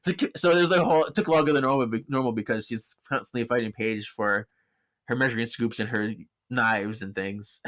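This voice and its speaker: A man's voice: medium pitch, fairly bright tone. A man hosts a podcast in an easygoing recap style. He laughs often and briefly acts out characters' lines as he goes. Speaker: podcast host. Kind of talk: casual recap of a story episode.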